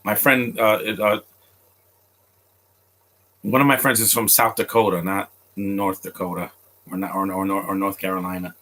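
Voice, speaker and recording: A man chatting casually to his live viewers as he reacts to a film. He rambles, trips over his words and restarts sentences often. His voice sits a little low but sounds bright and forceful. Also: flat delivery, moderate pace, pauses often. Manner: chats directly to viewers.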